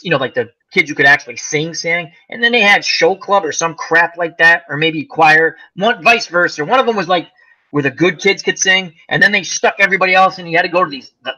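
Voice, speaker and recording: A man's voice: on the high side, pushed and bright, dull audio. A man hosting a casual chat, telling rambling stories with lots of fillers. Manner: rambling storyteller, many fillers. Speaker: host.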